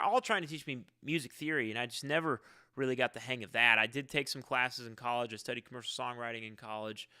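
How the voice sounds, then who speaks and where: A man with a bright, crisp voice answers fan questions in a relaxed live-stream Q&A. He rambles, halts and restarts his sentences. The sound is dry and close. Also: mid-range voice, no echo.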